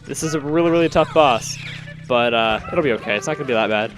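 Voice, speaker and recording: A man's voice: mid-range voice, fast, a bit bright, soft background music. Breathless young man narrating gameplay. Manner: rambling, self-correcting, chatty. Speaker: let's play host. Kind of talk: casual gameplay commentary.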